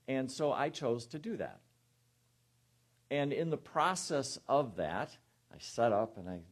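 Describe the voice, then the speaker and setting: A man of average pitch gives a sermon as a guest minister, telling his own story to a congregation. He slips into softer voices to act out the thoughts and words he heard, then returns to plain storytelling. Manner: personal storytelling, acting out inner voices in quieter tones.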